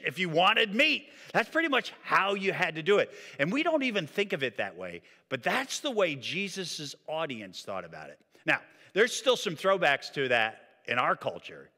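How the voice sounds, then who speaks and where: Male pastor preaching in a church hall. Bright, lively voice with long hall reverb. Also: high voice. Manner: animated preaching, drops to quiet emphasis. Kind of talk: sermon. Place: church sanctuary.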